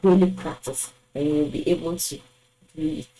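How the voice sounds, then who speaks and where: A woman teaching a French numbers lesson, saying each word twice and pausing with fillers. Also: sits low, mellow, reverberant, a little hiss or hum, low-quality recording. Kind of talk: language lesson, drilling numbers.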